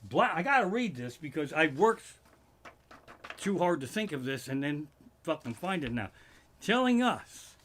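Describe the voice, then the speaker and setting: A man doing a profane stand-up routine from his living room, ranting in loud swearing bursts. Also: a little high, animated, normal speed, a little hiss or hum. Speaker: stand-up comedian.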